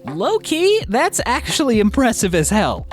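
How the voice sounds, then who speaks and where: A narrator reading online confession posts and comments aloud, with casual asides and quick laughs between readings. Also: medium pitch, huge pitch swings, soft background music.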